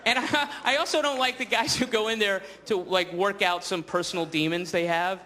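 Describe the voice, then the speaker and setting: Sardonic stand-up comic on stage. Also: male voice, sits high, fairly even intonation, moderate pace, bright, forceful tone. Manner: rambling, sardonic, acts out voices. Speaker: stand-up comedian. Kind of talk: stand-up comedy. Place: theater stage before live audience. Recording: live stage with noisy crowd.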